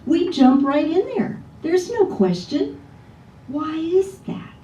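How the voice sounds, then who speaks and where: A woman minister gives a relaxed, conversational sermon and often turns to the congregation with rhetorical questions. Her voice is mellow and warm. It is picked up from some distance in an echoey church, with a faint low rumble underneath. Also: takes it slowly. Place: church sanctuary.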